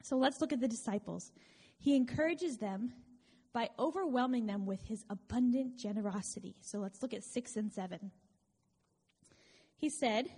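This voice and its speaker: A woman with a slightly high, breathy voice preaches a sermon. She keeps it conversational and earnest and drops in small wry asides. Her voice carries a long reverb, as in a large hall. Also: moderate pace, mellow.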